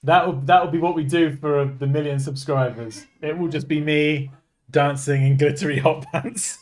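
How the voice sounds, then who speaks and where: A man's voice: on the high side, steady tone, slow, long pauses. A man chatting casually while streaming from his desk at home, joking and laughing at himself as he talks. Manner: joking and self-mocking, laughs often. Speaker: streamer and design tutor. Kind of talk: casual live-stream chat.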